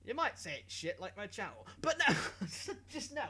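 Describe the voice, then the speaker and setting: Young male vlogger, giggly and self-mocking, animated sing-song delivery. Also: high voice, moderate pace. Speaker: YouTube host. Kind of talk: comic news vlog, rambling monologue.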